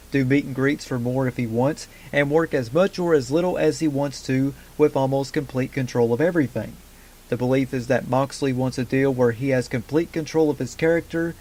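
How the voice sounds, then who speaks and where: A man's voice: medium pitch, a little mellow. Man reading wrestling news headlines. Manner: brisk headline delivery with casual fan asides. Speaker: wrestling news podcast host. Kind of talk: news roundup read from a script.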